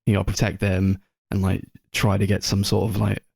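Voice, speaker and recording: A young man with a lowish voice, talking loosely with a stream of fillers and the odd swear word. His voice sits dry and close on the mic, with no room sound at all. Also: completely flat delivery, a little fast, vocal fry, darkish tone, husky, no echo. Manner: rambling, lots of fillers and swearing. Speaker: podcast co-host. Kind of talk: casual film chat.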